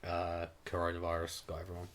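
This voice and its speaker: A man's voice: low-pitched, completely flat delivery, brisk, fairly bright tone. A man co-hosting a podcast, rambling through a story in casual chat with lots of fillers. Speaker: podcast co-host.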